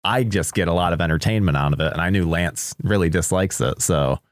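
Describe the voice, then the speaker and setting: A man's voice: sits low, a little fast, dry recording, studio quality. A man co-hosting a podcast, joking and laughing often as he talks casually about a movie. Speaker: podcast co-host. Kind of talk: casual movie-discussion chat.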